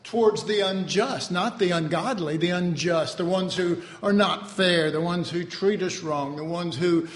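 High-voiced male preacher in a reverberant hall. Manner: self-mocking, acts out dialogues with shifting voices. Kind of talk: sermon.

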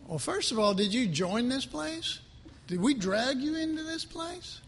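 A man preaching a sermon as pastor, animated and talking with his congregation, acting out other people's voices. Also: very high voice, unhurried. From United States. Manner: animated, acts out quoted voices, asks the audience questions. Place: church hall. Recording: long hall reverb, faint background noise.

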